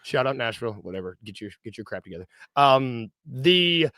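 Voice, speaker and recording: A man's voice: medium pitch, very animated, sharp tone, dry recording, clean studio sound. A man from Tennessee with a Southern American accent, hosting a casual podcast chat in a jokey, rambling way. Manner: jokey, rambling, quick to laugh. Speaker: podcast host.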